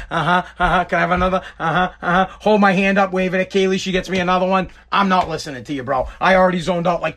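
Man, 30s, podcast host, casual profane rant, high voice, bright forceful tone. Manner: ranting, profane, repeats himself.

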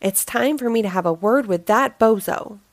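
A woman's voice: a little high, moderate pace, dry recording. Woman reading as a grumpy, grumbling storybook monster. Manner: grumbling, gruff complaints. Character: grumpy male neighborhood monster. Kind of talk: storybook read-aloud.

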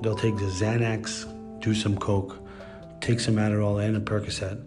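A man's voice: lowish voice, flat delivery, moderate pace, music in the background. A man hosting a podcast, telling stories in a casual, blunt and profane monologue. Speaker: podcast host.

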